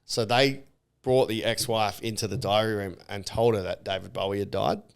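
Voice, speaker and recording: A man co-hosting a casual podcast, telling stories in a chatty, animated way with sweary slang. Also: on the low side, normal speed, creaky, clear, resonant tone. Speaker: podcast co-host. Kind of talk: casual chat, anecdote telling.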